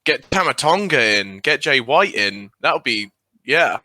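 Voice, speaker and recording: A man with a very bright, sharp voice, recorded close on a completely dry mic. He jumps in with quick, eager additions while co-hosting a casual podcast. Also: mid-range voice, big pitch swings, no echo. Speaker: podcast co-host.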